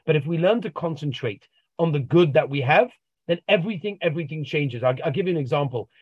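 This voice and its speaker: A man's voice: a little high, lively intonation, quick pace, darkish tone, slightly rough, no room sound. A man working as a life coach, telling motivational stories and acting out the dialogue in them, recorded over a video call. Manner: tells stories and acts out the dialogue. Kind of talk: motivational storytelling. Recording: dull, dry video-call audio.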